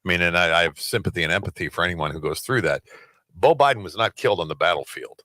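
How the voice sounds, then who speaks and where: A man with a low, forceful voice talks politics in a loose, emphatic way, leaning hard on rhetorical questions. His voice sits close and dry, with no room sound. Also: quick pace, dry recording. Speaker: radio host. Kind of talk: casual political chat.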